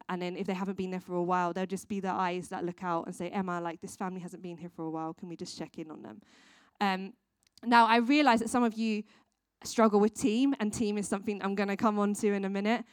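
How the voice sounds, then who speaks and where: A woman's voice: mid-range voice, clear, resonant tone, no room sound, studio quality. A woman who works with children, giving a casual training talk to church volunteers, with lots of ums and restarts. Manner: chatty, many ums, restarts. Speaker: children's worker.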